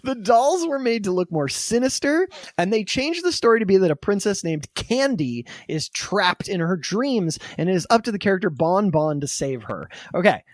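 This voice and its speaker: A male podcast host narrating history in a casual, animated way. His voice sits a little high and swings widely in pitch. He sprinkles in swearing and "right?" and sounds close and dry. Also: no echo.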